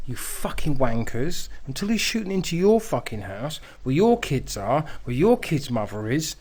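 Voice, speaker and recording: A man's voice: a little high, darkish tone. A man hosting a reaction video, ranting angrily with constant swearing and mocking jeers. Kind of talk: angry profane ranting commentary.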